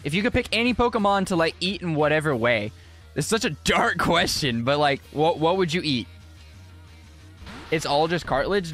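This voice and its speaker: Animated young man streaming a game. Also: a little high, normal speed, faint music behind. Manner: animated, exclaiming, casual slang. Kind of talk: live gameplay commentary, chatting with viewers.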